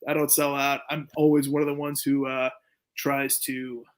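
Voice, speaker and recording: A man's voice: medium pitch, flat delivery, moderate pace. A young man from Canada talking casually in an interview, laid-back and blunt, swearing freely. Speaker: jiu-jitsu gym owner and event promoter.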